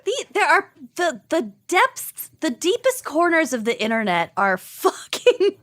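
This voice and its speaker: A woman's voice: very high voice, huge pitch swings, unhurried, a bit bright, no room sound, clean studio sound. A woman co-hosting a podcast in playful casual chat, laughing and swearing freely. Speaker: co-host.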